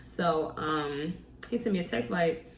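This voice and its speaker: Lower-voiced woman vlogging in a roomy echo. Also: lively intonation, unhurried, a little hiss or hum. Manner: conversational, many rhetorical questions, addresses viewers directly. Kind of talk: motivational story-time talk to camera. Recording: roomy echo, distant from mic, faint ambience.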